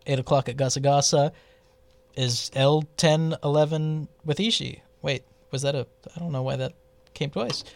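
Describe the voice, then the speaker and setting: A man's voice: on the high side, no echo. A man co-hosting a casual radio show, reading out the events calendar with joking asides and stumbling over names.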